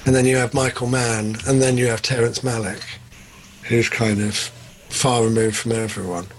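A man co-hosting a podcast, chatting casually about films, excitable and jumping up in pitch when enthused. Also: moderate pace, slight background noise. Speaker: podcast co-host. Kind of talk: casual film chat.

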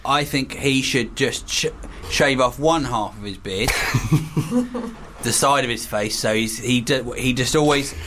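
Rambling comedy co-host. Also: male voice, mid-range voice, unhurried, background noise. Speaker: radio co-host. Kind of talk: casual comedy radio chat.

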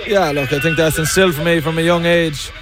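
Flat-voiced modest Irish footballer. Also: male voice, fairly high pitch, music in the background. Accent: Irish, Mayo. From Ireland. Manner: modest, halting, flat delivery.

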